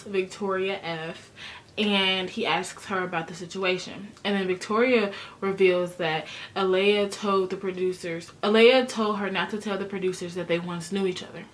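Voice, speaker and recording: Sassy young woman recapping a show. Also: medium pitch. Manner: chatty, sassy, slangy. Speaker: recap vlogger. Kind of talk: casual TV recap.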